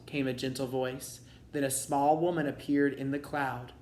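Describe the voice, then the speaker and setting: A man reading a children's storybook aloud in a steady, expressive way. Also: mid-range voice, normal speed. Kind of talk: read-aloud storybook narration. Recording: roomy echo.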